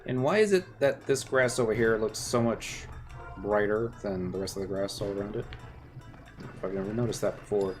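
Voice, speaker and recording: A man's voice: lowish voice, moderate pace, darkish tone. A man streaming a game, talking casually through it in rambling, muttered asides. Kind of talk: casual gameplay commentary. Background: faint game music.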